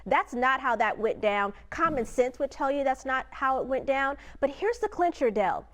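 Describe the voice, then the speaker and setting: A woman's voice: high-pitched, expressive, moderate pace, a bit bright. A woman legal analyst giving direct, emphatic commentary on a trial for a news program.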